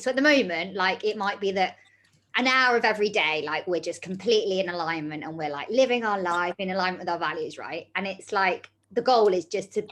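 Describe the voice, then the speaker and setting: A woman's voice: fairly low pitch, fairly bright tone. Female group coach, chatty and encouraging, casual filler-heavy delivery. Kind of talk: leading an online group session.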